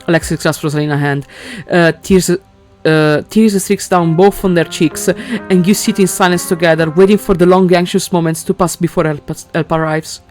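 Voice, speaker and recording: Woman quietly narrating a visual novel. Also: lowish voice, steady tone, moderate pace, hardly any pauses, faint music behind. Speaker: gaming channel host. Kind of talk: reading a visual novel aloud.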